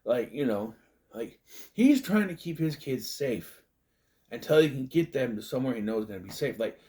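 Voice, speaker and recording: A man recapping a movie in a loose, casual way, often slipping into quick put-on voices to act out the scenes. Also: medium pitch, expressive, mellow. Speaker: movie reviewer.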